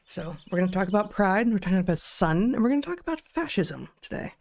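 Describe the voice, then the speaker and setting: A woman co-hosting a podcast, talking casually with a dry, wry manner that is a bit halting at times, and reading sponsor ads. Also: mid-range voice, sing-song, vocal fry, a little mellow. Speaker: podcast co-host. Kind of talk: casual chat and read ad.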